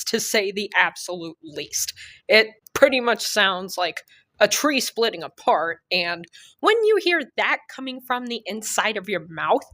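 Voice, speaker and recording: A woman's voice: mid-range voice, fairly bright tone, dry recording. A young woman telling a comedic storytime, sarcastic and crude, with exaggerated jokes. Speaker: storytime vlogger.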